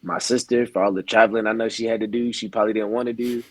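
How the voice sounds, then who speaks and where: A young man in his twenties tells stories in a casual, easygoing way and brings the quoted lines to life with animated voices. His voice sits fairly low and sounds dry and close to the mic. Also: quick pace, no echo, rough recording. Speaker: baseball player guest. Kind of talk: casual storytelling in an interview.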